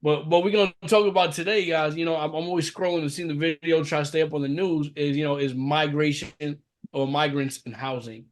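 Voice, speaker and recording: A man's voice: a little high, steady tone, brisk. Laid-back man hosting a podcast. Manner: laid-back, laughing, filler-heavy. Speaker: podcast co-host. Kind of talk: casual podcast chat.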